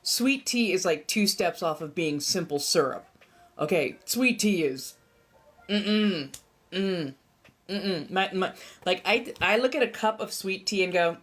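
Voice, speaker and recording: A woman's voice: lowish voice, slow pace. A young American woman with a slight Southern accent, chatting casually and laughing with her livestream chat. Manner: animated, laughing, reacting to chat. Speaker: livestream host.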